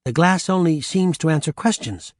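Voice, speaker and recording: A man's voice: fairly high pitch, normal speed, dry recording, studio quality, close to an everyday voice. A man voicing a bold, frustrated young girl in an audiobook. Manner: exasperated, excited cries.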